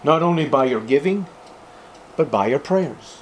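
A man preaching a sermon as a pastor to his congregation, fervent and emphatic, with sudden loud, high rises on key words. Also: lively intonation, unhurried, slight background noise.

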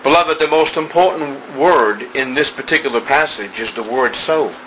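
A man preaching an evening sermon, slow and emphatic, building through repeated phrases. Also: mid-range voice, a bit bright, a little hiss or hum, rough recording.

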